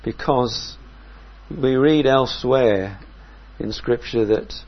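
A man delivers a sermon at an unhurried, deliberate pace, his voice a little husky. He speaks in a measured, reflective way and poses questions to his listeners. The recording sounds dull and lo-fi. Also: mid-range voice. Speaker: preacher.

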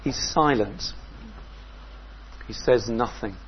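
A man preaching a sermon in a measured, reflective way, often asking his listeners questions. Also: mid-range voice, highs cut off, slight background noise.

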